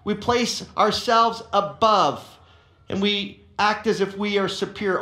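High-voiced male pastor preaching, echoey. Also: unhurried. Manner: animated storytelling with frequent repeated words. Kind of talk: sermon.

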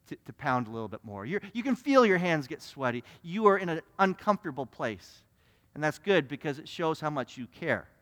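Male pastor, high voice, sermon with repeated restarts, long church reverb. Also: a bit bright. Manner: repetitive restarts, acting out little scenes. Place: church sanctuary.

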